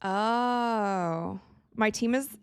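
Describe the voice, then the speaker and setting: A young woman from Wisconsin hosting a live game watch party, chatting casually and reacting excitedly to plays as she talks. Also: mid-range voice, very slow, clear, resonant tone, no echo, studio quality. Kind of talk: live casual commentary to chat.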